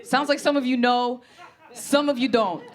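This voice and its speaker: A woman comedian with a high voice delivers a stand-up set. Her storytelling is brash and animated. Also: moderate pace, a crowd in the background.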